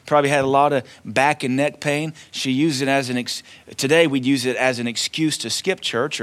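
A man's voice: mid-range voice, fairly bright tone. A man preaching a sermon to his congregation in a conversational way, acting out short quotes as he goes. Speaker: pastor.

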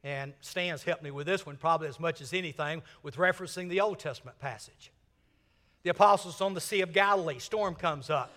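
An older man from Mississippi, preaching a sermon and swinging from loud emphasis to hushed, whispered lines. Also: on the high side, brisk, in a large hall. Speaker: senior minister.

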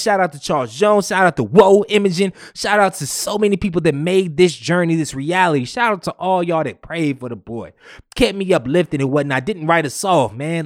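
A man hosting his own podcast, opening the episode with an excited, emphatic monologue full of slang and repeated phrases. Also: fairly high pitch, no echo, studio quality. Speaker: podcast host. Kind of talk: hyped solo podcast intro.

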